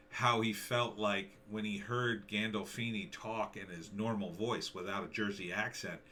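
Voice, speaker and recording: With a little hiss or hum in the recording, a middle-aged man speaks in a fairly low, sharp-toned voice. He's a commentary vlogger, rambling through sarcastic, opinionated remarks in a casual way, full of fillers and restarts.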